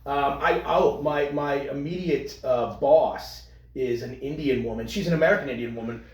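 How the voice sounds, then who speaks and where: A man co-hosting a podcast in casual crude banter, animated and profane, with lots of trailing restarts. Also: medium pitch, normal speed, reverberant. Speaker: podcast co-host.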